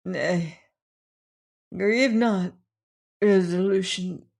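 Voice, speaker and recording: A man voicing a dying young woman in an audiobook, speaking in faint, breathy, pleading murmurs. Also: high-pitched, drawn-out words, heavily acted. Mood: tender. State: dying, weak. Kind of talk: audiobook character reading.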